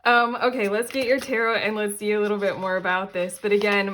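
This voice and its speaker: A young adult woman hosting a casual tarot reading, chatty and animated, often breaking into laughter. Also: mid-range voice, fairly quick, few pauses. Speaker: tarot reader and channel host.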